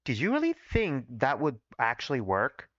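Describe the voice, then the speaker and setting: A man's voice: medium pitch, huge pitch swings, normal speed, a bit bright, no echo. A man reading the lines of a blunt, provocative student from his own fan fiction in his plain reading voice, on dull, dry audio.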